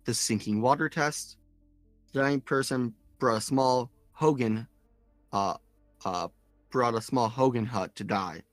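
A man co-hosting a podcast, reading listener comments aloud in a casual, halting way. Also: mid-range voice, dry recording, soft background music. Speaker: podcast co-host. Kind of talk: casual chat.

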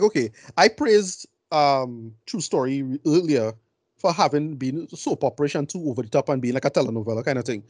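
A man's voice: fairly high pitch, dry recording, studio quality. A man giving blunt, rambling film opinions in a casual podcast chat. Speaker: film review podcast co-host.

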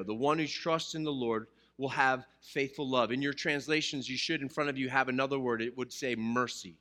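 A man's voice: medium pitch, moderate pace, hardly any pauses, bright, forceful tone. A man preaching a sermon to a live congregation in a church, mixing scripture with jokes and questions to the listeners. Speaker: pastor.

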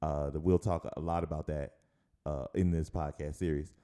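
A man's voice: rumbling low, little pitch movement, normal speed, dark tone. A man co-hosting and producing a casual podcast, a chatty storyteller who laughs often.

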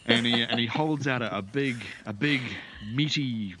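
A man serving as game master, narrating a tabletop game in a meandering, descriptive, halting way. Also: mid-range voice, very noisy.

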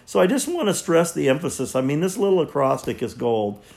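A man in his sixties, a marriage counselor, speaking in an earnest, halting way as he reflects and teaches. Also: fairly high pitch, big pitch swings, gravelly, a little mellow. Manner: earnest, halting, repeats words.

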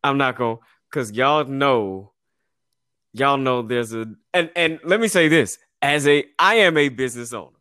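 A man's voice: medium pitch, normal speed, bright, forceful tone, smooth, no echo, studio quality. A man hosting a casual podcast, telling stories in a slangy, laid-back way with frequent laughs and restarts. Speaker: podcast host and business owner.

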